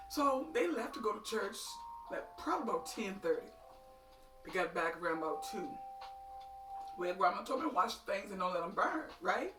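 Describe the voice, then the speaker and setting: A middle-aged woman telling funny stories in an animated, folksy way, calling her listeners honey and child. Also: mid-range voice, brisk. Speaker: storyteller. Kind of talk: comic storytelling. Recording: echoey room, distant mic, faint music.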